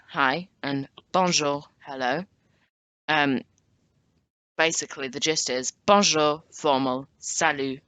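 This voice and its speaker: Low-voiced, slow-paced woman teaching. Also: a bit bright, dry recording. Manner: repeats words slowly for pronunciation drills; switches between French and English. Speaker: language teacher. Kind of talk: spoken language lesson.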